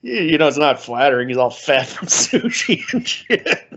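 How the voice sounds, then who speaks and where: A man's voice: on the high side, very animated, moderate pace, fairly bright tone, a little hiss or hum. A man co-hosting a podcast in laid-back, joking banter, peppered with "man" and "brother," on dull lo-fi audio. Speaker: podcast co-host.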